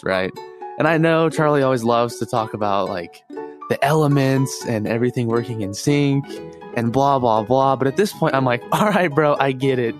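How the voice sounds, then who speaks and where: A young man recalling a family moment in a casual, reflective way. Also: medium pitch. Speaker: interviewee, the storyteller's brother. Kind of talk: personal storytelling interview.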